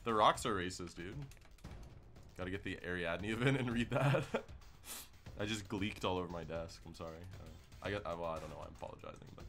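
A man's voice: deep voice, fairly quick, a bit bright, soft background music. A man streaming a game live, chatting loosely and joking with his viewers in slangy casual talk. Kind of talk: casual live gameplay commentary.

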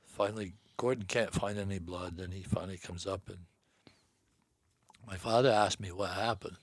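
A man's voice: low voice, fairly even intonation, normal speed, no echo. An older man from the northeastern United States, a guest telling a long hunting story in a folksy way, laughing between lines. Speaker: guest hunter. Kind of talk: storytelling in casual chat.

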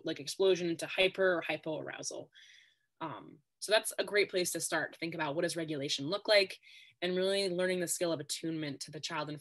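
A woman speaking as a guest expert on a podcast, explaining steadily and often stressing her points with "really". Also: sits low. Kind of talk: podcast interview.

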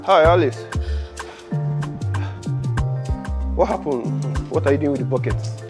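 An actress plays a soothing young Nigerian woman with a very low voice who talks quickly. Film music sits under her lines. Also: close to an everyday voice. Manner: soothing, reassuring. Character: calm helpful young woman neighbour. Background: film score.

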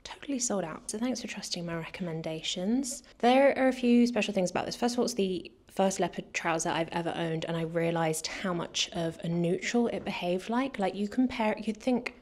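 A woman's voice: on the low side, normal speed, hardly any pauses, a little mellow. A British woman from the UK chatting enthusiastically through a fashion haul, a little out of breath. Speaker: fashion vlogger. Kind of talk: casual try-on haul chat.

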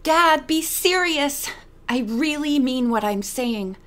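Woman reading an earnest young detective girl, highish voice, audiobook. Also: expressive, moderate pace, fairly bright tone. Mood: urgent. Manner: earnest, eager.

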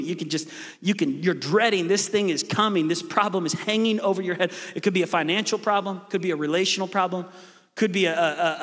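Middle-aged male pastor, lively joking sermon delivery, husky tone, big church-hall reverb. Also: high-pitched. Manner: lively storytelling, quick asides and playful jokes.

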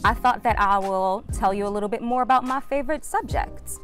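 A woman's voice: on the high side, a little fast, soft background music. A young American woman hosting a travel vlog outdoors, chatting to camera in a bubbly, slangy way and laughing often. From United States. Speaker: travel vlogger host. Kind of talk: casual vlog chat to camera. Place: outdoors on a sunny day.

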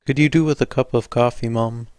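A man's voice: medium pitch, fairly even intonation, fairly quick, a little mellow, no room sound, lightly acted. Man doing a kindly, fatherly old policeman. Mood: soothing. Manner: soothing, reassuring. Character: kindly fatherly older male police officer.

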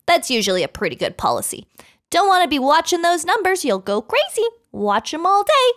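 Lady doing a chill young vlogger dude, slow and high, lots of ups and downs. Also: wildly swooping pitch, fairly bright tone, full character voice. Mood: upbeat. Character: upbeat young male vlogger leader.

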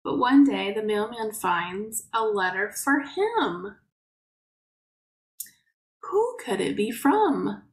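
A woman teacher reads a picture book aloud to little children at a slow, patient pace. Her voice sits fairly high. She pauses to explain words and asks the children questions, and the room around her sounds echoey. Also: sing-song. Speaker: preschool teacher.

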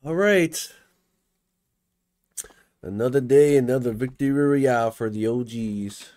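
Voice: medium pitch, a little slow, mellow, no room sound. A young adult commentating live over a game, panicky, often repeating words over and over. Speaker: gameplay commentator.

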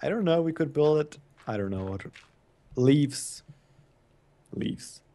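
Giggly, lively young man gaming. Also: on the high side, slow pace. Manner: giggly, playful. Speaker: gamer friend. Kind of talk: casual gaming chat.

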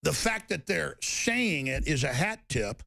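A combative male talk host with a gravelly, rough-edged voice that sits a little high for a man. He rants hard and pushes into shouted defiance, and the sound is close and dry with no room around it. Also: big pitch swings, unhurried, no room sound. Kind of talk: heated talk-show rant.

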